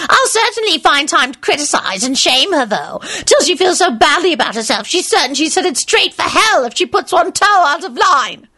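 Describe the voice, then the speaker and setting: A woman voicing a haughty, cruel society lady in a grating falsetto, as a mocking impression in an audiobook. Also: pushed and bright, heavily acted.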